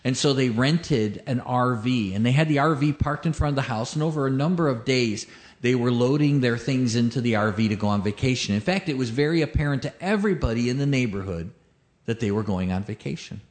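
A man's voice: mid-range voice, brisk. A male pastor preaching a sermon, emphatic, stacking repeated phrases and rhetorical questions, and telling a joke as a story.

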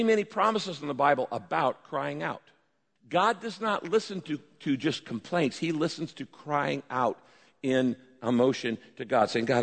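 A male pastor delivers a lively sermon with a somewhat high voice, slipping into raised, pleading voices when he acts out prayers. His words ring out with the long reverb of a large church hall. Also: vocal fry.

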